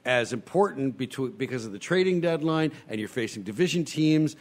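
A man's voice: mid-range voice, expressive, fairly quick. Argumentative man talking baseball. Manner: argumentative, presses his point. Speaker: sports talk host. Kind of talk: casual sports chat.

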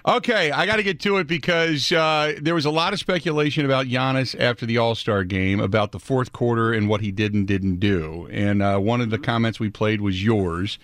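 A man hosting a sports talk radio show, brisk and conversational as he brings on a guest. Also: medium pitch, a bit bright, dry recording, clean studio sound.

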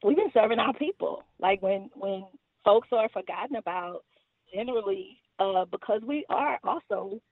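A woman's voice: mid-range voice, animated, moderate pace, no echo. Woman organizer on a tinny line. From Houston, Texas. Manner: conversational, fillers and laughs, earnest. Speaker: guest, community organizer. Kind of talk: casual podcast interview.

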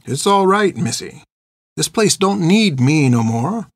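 A weary old man speaks slowly and gently, with plain dialect phrasing and a quiet resolve, as a man reads him in an audiobook. The sound is dry and close-miked. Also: fairly high pitch, dry recording, voice pushed up, heavily acted. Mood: calm. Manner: slow, calm, rural dialect phrasing. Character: old freed man, calm and resigned.

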